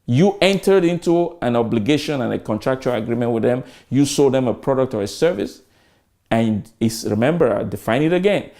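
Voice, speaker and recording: A man's voice: mid-range voice, animated, fairly quick, darkish tone. A man in his fifties giving an emphatic customer service training lecture, full of rhetorical questions and repetition.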